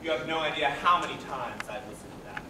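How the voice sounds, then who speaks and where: A man's voice: fairly high pitch, quick pace, background noise, lightly acted. A young man in a live school musical playing a lonely theater fan, chatting and confiding between songs. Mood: wistful. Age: young adult. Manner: chatty, wistful, confiding asides. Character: lonely male theater fan narrating his cast album. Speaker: high school stage actor. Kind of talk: live stage musical acting. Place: school auditorium stage. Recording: echoey hall heard from far off.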